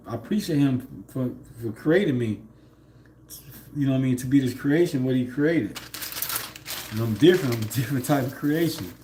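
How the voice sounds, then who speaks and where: A man's voice: mid-range voice, dark tone, a little hiss or hum. A man, livestreaming from home, rambling in a laid-back way with lots of fillers and laughs. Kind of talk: casual spiritual monologue.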